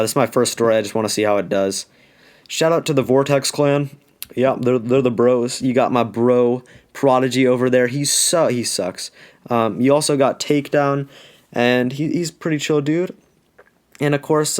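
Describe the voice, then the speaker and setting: A man's voice: mid-range voice, darkish tone. A man from Alaska telling a childhood story in a casual, rambling, slangy way, full of "like". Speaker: YouTuber telling a life story.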